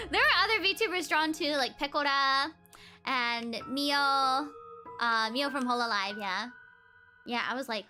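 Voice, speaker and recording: A young woman with a high, sparkling voice chats away on a VTuber stream, laughing often and breaking into giggles between stories. Her tone is bright and lively, with soft music playing faintly underneath. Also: measured pace. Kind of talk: casual livestream chat. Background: faint background music.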